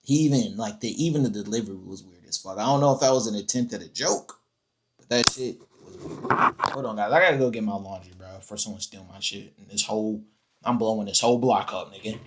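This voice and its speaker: A man's voice: lowish voice, fast, noisy background. A man streaming a casual reaction to video clips, blunt, profane and joking.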